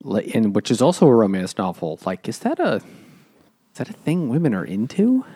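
A man's voice: medium pitch, huge pitch swings, fairly quick, dark tone, slightly rough, dry recording, clean studio sound. A man co-hosting a podcast, loosely recapping a book's plot in casual banter. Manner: offhand, summarizing plot loosely with fillers. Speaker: podcast co-host. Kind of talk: casual book-club banter.

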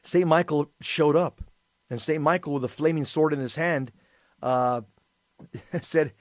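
A man with a fairly high voice tells stories on a talk show and acts out each quoted voice. His sound is close and dry, with no room around it. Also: a little slow, long pauses, dry recording. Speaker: co-host. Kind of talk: casual radio talk, storytelling.

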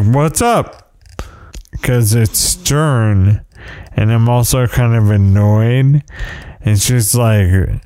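A man hosts a loose, meandering podcast chat, telling stories and poking fun at himself. His voice is smooth and fairly low, with a mellow, warm tone. He takes his time, and the recording is dry and close. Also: dry recording. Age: parent of young kids. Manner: meandering storyteller with self-deprecating asides. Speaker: podcast host. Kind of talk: casual rambling chat.

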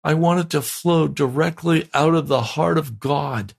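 Male pastor, sermon delivery, gravelly and fervent, emphatic repetition. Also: a little high, unhurried. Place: broadcast sermon.

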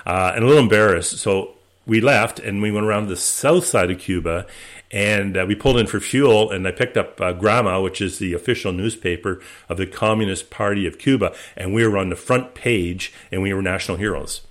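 A man, guest of an interview, telling his voyage stories in a relaxed, anecdotal way with many restarts. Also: fairly low pitch, a little fast. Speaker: interview guest, expedition skipper. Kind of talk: relaxed storytelling.

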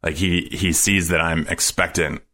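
A man's voice: deep voice, fairly even intonation, normal speed, bright, forceful tone. A man, a podcast guest, telling a story casually, rambling with lots of filler words.

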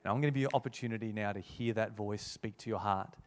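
Low-voiced man preaching an altar call. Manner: earnest, repeats key phrases, slows for scripture.

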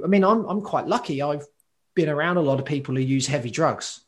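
A man in casual chat, talking as an occupational therapist, animated and prone to tangents. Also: on the high side, moderate pace.

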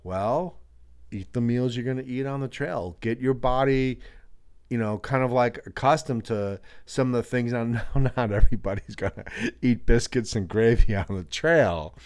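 A hiking channel co-host chats casually in a medium-pitched, smooth, slightly mellow voice at a normal speed. He chuckles easily and passes along friendly backpacking tips.

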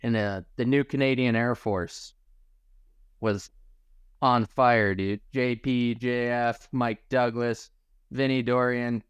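A relaxed man in his forties, raised in Michigan, recalls his past in an easy, rambling way, dropping casual swears and calling people dude. His voice is smooth and clean, and the sound is dry and close. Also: medium pitch, takes it slowly, no echo. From Michigan, USA. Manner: laid-back, swears casually, says dude and bro. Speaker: podcast guest, skier. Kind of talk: casual storytelling chat.

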